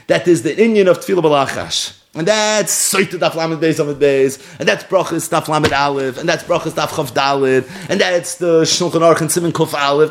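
A man teaching a sacred text, reading Hebrew and Aramaic lines and explaining them in English with Yiddish words. His voice rises for emphasis and drops low for asides. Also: vocal fry. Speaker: Torah teacher. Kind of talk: Talmud-style text study.

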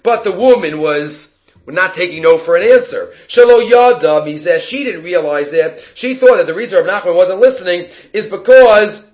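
A man with a high voice gives a Talmud study lecture. He reads passages aloud, translates them and explains each step with rhetorical questions. The recording sounds dull and lo-fi. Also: animated, brisk. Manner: explains step by step, reading Aramaic text and translating; asks rhetorical questions, occasional coughs. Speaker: Talmud teacher.

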